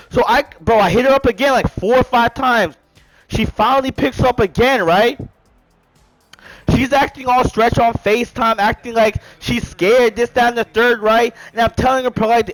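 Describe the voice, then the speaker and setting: A man telling a story in a casual storytime monologue. He is animated and profane, and keeps saying "bro" and "right?". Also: very high-pitched, a little fast, no room sound, low-quality recording. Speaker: storyteller vlogger.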